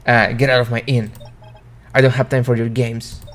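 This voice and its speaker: A man reading a gruff, bitter middle-aged innkeeper. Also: mid-range voice, level tone, normal speed, fairly bright tone, close to an everyday voice. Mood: bitter, angry. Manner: angry, accusing outbursts. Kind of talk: reading game dialogue aloud.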